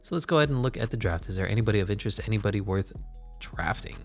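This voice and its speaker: A man's voice: lowish voice, lively intonation, rapid-fire, soft background music. A man commentating his basketball video game in a casual, sarcastic way, swearing and muttering asides. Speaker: gaming channel host.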